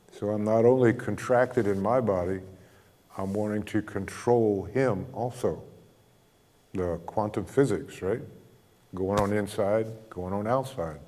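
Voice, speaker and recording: Man telling stories in a reverberant hall. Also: lowish voice. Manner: relaxed anecdotal storytelling, acts out both sides of dialogue, chuckles often. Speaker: speaker telling a counseling story. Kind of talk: storytelling talk to a group.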